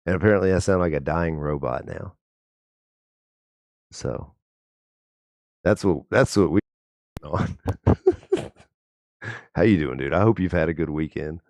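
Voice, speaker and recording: A man's voice: low voice, a little slow, long pauses, a little mellow, dry recording. A man livestreaming on a headset mic, chatting in a rambling, profane, jokey way. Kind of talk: casual live-stream chat.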